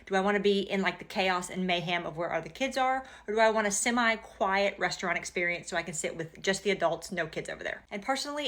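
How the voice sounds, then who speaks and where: A woman's voice: medium pitch, a bit bright. A young woman talking casually and practically to the camera, giving advice to new parents. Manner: chatty, practical, instructive. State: pregnant. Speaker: parenting content creator.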